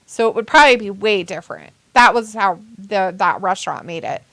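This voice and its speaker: A woman's voice: mid-range voice, expressive, brisk, a bit bright, no room sound. A woman hosting a casual watch-along stream, reading chat messages aloud and laughing often. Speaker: stream host.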